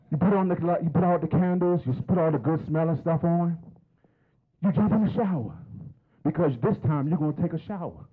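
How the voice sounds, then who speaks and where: A man's voice: on the high side, husky, phone-quality sound. A man in his fifties doing a stand-up comedy set on stage, chatty and teasing the crowd with questions. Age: 50s.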